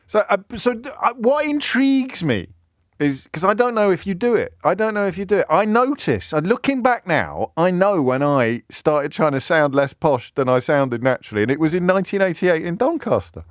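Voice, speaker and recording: Rambling radio host, dry studio sound. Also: male voice, sits high, normal speed, no room sound. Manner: rambling, self-interrupting, animated storytelling. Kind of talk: talk radio monologue and call. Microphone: studio microphone.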